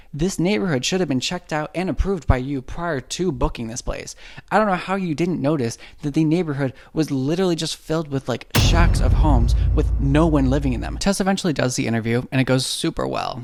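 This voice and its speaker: A man recapping a horror movie for laughs, his voice gravelly with a creaky edge. He riffs in loose slang and jumps into quick bits where he speaks as the characters. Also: a little high. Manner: irreverent, joking, slangy, acts out characters' lines.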